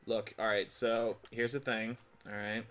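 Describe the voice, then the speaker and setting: A man commentating a video game in a loose, offhand way. He swears often, laughs at his own jokes and bursts into shouts when things go wrong. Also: lowish voice, little pitch movement, unhurried, soft background music. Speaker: gaming channel host. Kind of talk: casual let's-play commentary.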